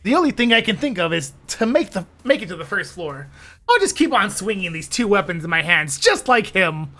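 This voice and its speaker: A woman's voice: medium pitch, very animated, brisk, a bit bright, faint music behind. Giggly woman narrating a stream read-along. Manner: giggly, playful, chatty. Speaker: streamer reading a visual novel.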